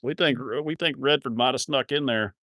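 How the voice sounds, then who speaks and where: A man hosts a casual livestream for his cattle farm channel, reading viewer comments as he rambles and jokes at his own expense with crude language. His voice is medium-pitched and fairly bright, at a moderate pace, recorded dry with studio quality.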